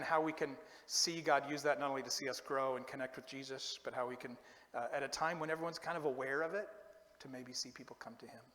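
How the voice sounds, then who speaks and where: A pastor giving a casual, humorous sermon in a church, chatty and self-deprecating with joking asides. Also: male voice, on the high side, a bit bright. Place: church sanctuary. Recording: echoey church hall.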